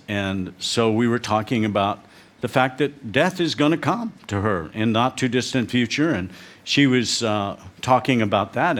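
A man's voice: lowish voice, a bit bright. A man preaching a sermon as a visiting missionary, telling stories with emphasis. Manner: storytelling, emphatic.

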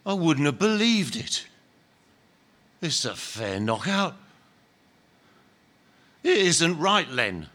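A man reading aloud and voicing a big, indignant male ghost who shouts bitter accusations. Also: exaggerated voice. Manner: loud, accusing, high-pitched outbursts.

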